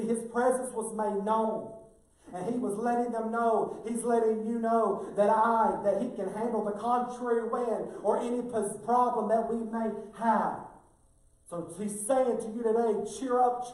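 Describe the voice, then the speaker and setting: A man's voice: extremely high pitch, a little mellow. A male pastor preaching a sermon in a folksy, emphatic way that builds toward fervor. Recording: very echoey, mic far off.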